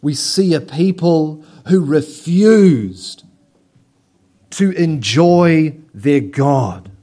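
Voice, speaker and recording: A man preaching a sermon as pastor, telling lively stories and acting out little scenes. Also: on the high side, drawn-out words.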